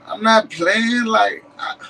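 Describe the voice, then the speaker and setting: A man with a Tennessee accent showing off maps and artifacts in a casual vlog, animated and emphatic, breaking into shouts. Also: high-pitched, slow pace, vocal fry, poor audio. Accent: Southern US, Tennessee. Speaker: history vlogger. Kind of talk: excited casual show-and-tell.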